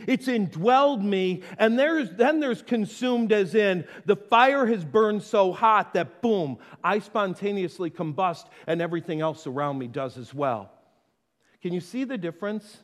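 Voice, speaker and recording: A man preaching a sermon as pastor, conversational and playful, with quick asides and acted-out quotes. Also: a little high, long reverb tail.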